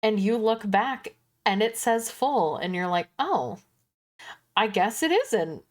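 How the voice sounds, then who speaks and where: A woman streamer talking slowly and deliberately in casual chat. Her tone is wry and joking, with an ordinary mid pitch. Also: expressive.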